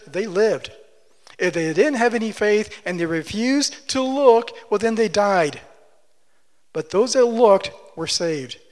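A man with a fairly high voice preaches a sermon, rising to loud, emphatic passages before settling back into quiet, plain readings of scripture. A long hall reverb surrounds the recording.

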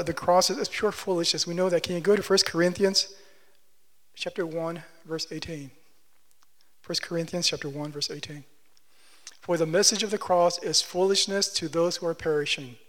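A man preaching a sermon, building to loud, emphatic passages and dropping back to quiet, plain reading of scripture. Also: on the high side. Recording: long hall reverb.

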